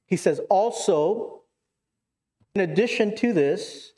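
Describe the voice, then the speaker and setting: Man, pastor preaching, earnest, somewhat high, mellow tone. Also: lively intonation, normal speed. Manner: earnest preaching with repeated words and rhetorical questions. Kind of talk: sermon.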